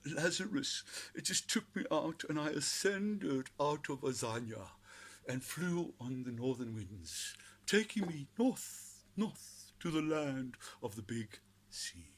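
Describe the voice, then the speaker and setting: A man mocking a runaway preacher with a lofty, theatrical, drawn-out tone. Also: fairly high pitch, lively intonation, husky, voice pushed up, full character voice. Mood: melodramatic. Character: grandiose runaway preacher, theatrical and self-pitying.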